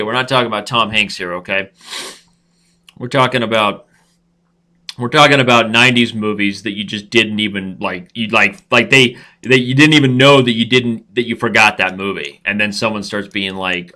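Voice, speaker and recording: A man's voice: medium pitch, animated, fairly quick, sharp tone. A young man hosting a live chess stream, rambling, joking and breaking into song. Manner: goofy, rambling, breaks into singing. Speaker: host.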